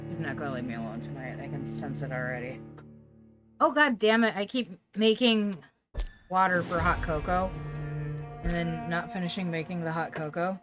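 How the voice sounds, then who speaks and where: A woman's voice: on the low side, animated, moderate pace. A woman chatting casually and rambling through side remarks while live-streaming a game from home. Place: at home with a dog. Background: game music with cello and violin.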